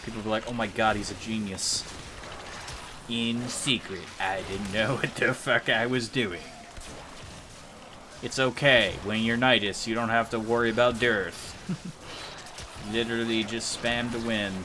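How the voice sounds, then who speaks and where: A man's voice: mid-range voice, steady tone, a little slow, noisy background. A man live streaming a game, rambling and joking to himself and his viewers in casual chatter. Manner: rambling, joking, self-mocking.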